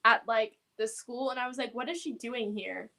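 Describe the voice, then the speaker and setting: A woman's voice: fairly high pitch, normal speed, vocal fry, bright, forceful tone. A young woman co-hosting a live stream, eagerly chatting and agreeing about theater. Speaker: co-host. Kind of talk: casual chat about theater news.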